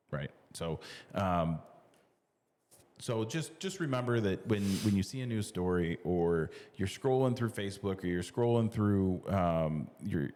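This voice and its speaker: A man's voice: low voice, darkish tone, big-room sound. A middle-aged man co-hosting a casual talk show, talking in loose restarts with lots of fillers and easy laughs. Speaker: podcast co-host. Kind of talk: casual conversation.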